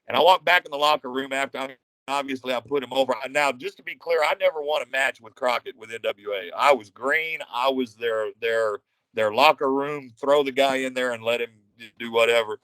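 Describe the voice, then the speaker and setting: A retired pro wrestler from Texas tells a locker-room story in casual, profane bursts. His voice is mid-pitched and recorded close and dry, with no room sound. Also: fairly quick, clean tone, dry recording, low-quality recording. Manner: profane, animated anecdotes.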